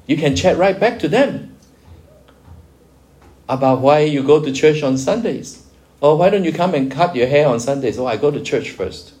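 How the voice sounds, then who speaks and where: A man's voice: fairly low pitch, darkish tone. A man preaching a sermon, explaining scripture with everyday examples and lifting his voice for emphasis. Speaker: pastor.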